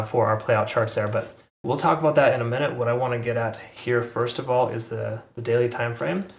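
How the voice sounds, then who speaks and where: A crypto channel host casually comments on price charts in his mid-range voice, using lots of fillers and correcting himself. The room is echoey.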